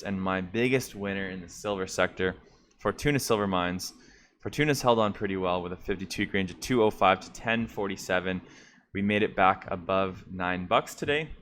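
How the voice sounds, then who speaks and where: A man's voice: deep voice, a bit bright, slight background noise. A man hosting an investing channel, giving casual stock market commentary in a conversational way, calling viewers "guys". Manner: conversational, addresses viewers as guys, frequent fillers.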